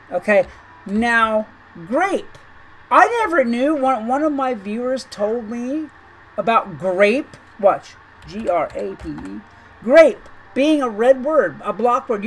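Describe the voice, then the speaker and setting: A woman with a high-pitched voice talks through a gaming video in a loose, conversational way. She rambles and doubles back on her words, sounding incredulous. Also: low-quality recording. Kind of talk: chatty commentary over gameplay.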